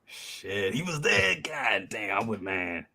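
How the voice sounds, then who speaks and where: Male co-host, mid-pitch, swings his voice up and down telling a loose, profane story. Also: slow, vocal fry. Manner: animated anecdote telling, frequent swearing. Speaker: co-host of a toy review show. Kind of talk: casual group chat, storytelling.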